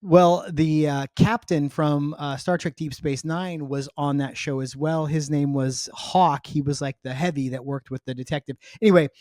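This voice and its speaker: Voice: medium pitch, fairly even intonation, moderate pace, hardly any pauses, darkish tone, no room sound, clean studio sound. A podcast co-host in casual chat, talking in a chatty, digressive way and laughing easily.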